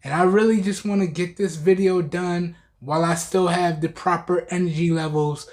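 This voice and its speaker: A man's voice: sits high, fairly even intonation, normal speed, a little mellow. A man in a casual tech review, talking right at his viewers in a loose, chatty way. His voice sounds tired and a bit worn, but he keeps things easygoing and conversational. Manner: chatty, addresses viewers directly as y'all.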